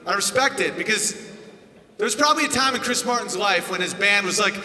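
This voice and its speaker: A male stand-up comedian on a loud, profane rant who often breaks into shouting. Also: sits high, lively intonation, brisk. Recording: echoey hall, music behind.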